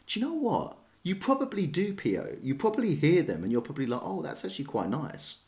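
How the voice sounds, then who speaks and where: English male streamer, lower voice, sing-song delivery, rambling chat with viewers. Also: a little mellow. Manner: chatty, rambling, self-deprecating. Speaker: chess streamer. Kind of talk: casual livestream chat answering viewers.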